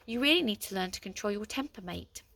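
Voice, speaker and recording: A woman voicing a cheeky talking honesty box in a storybook, with a low, mocking manner. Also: animated, fast talker, a bit bright.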